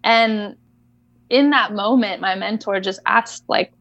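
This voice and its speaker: A woman's voice: mid-range voice, slow, fairly bright tone, no room sound, muffled recording. A woman equine coach telling a story in a casual interview, chatty and full of fillers.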